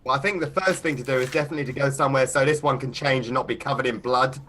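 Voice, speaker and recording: A man's voice: medium pitch, steady tone, rapid-fire, a bit bright, slight background noise. A man playing a tabletop horror game, dry and sarcastic in his banter. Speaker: player. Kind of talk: casual tabletop role-play.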